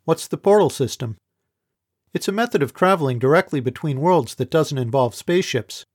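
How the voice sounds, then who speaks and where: A man voicing a sharp young female reporter in an audiobook, asking pointed, incredulous questions. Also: on the high side, lively intonation, moderate pace. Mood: amused. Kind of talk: audiobook character voice.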